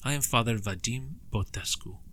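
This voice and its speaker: A man voicing a large, calm village priest with a Romanian accent, speaking gently and gravely. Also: on the low side, normal speed, a little hiss or hum, natural voice, low-quality recording. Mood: grave, gentle.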